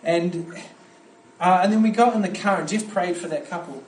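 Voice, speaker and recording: Animated man preaching in an echoey hall. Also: high-pitched, normal speed. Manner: animated storytelling with frequent restarts. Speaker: youth pastor preaching at a camp. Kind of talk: sermon. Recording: echoey hall with faint ambience.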